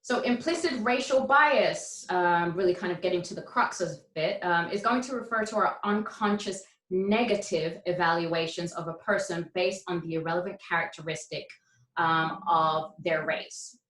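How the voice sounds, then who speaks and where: A woman's voice: lowish voice, normal speed, fairly bright tone, echoey room, rough recording. A woman giving a training workshop lecture, explaining ideas with frequent "um" fillers and rhetorical questions. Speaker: workshop presenter.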